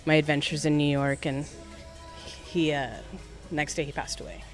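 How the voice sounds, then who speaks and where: A woman in her forties, working as a barber, tells personal stories in a relaxed interview and acts out the voices of the people in them. Her voice sits a little low. Faint music plays softly behind her in the barbershop. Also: normal speed. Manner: animated storyteller acting out quoted voices. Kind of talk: casual storytelling interview.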